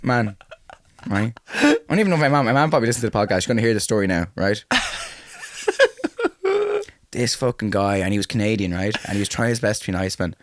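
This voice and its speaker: A man's voice: on the low side, quick pace, long pauses, no room sound. A young Irish man in his twenties, co-hosting a podcast, telling a story animatedly with frequent laughter and swearing. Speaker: podcast co-host. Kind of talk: casual chat.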